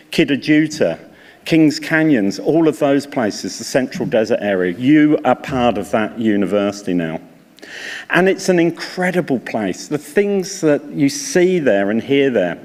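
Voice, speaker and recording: Older man, chatty storytelling speech, mid pitch, long hall reverb. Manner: chatty, anecdotal, animated when quoting others. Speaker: university leader addressing graduates. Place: large hall.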